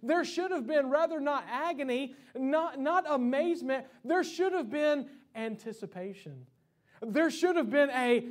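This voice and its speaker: A man's voice: extremely high pitch, moderate pace. A young adult man preaching a church sermon, impassioned, with many restarts and repeated words. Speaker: pastor. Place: church sanctuary.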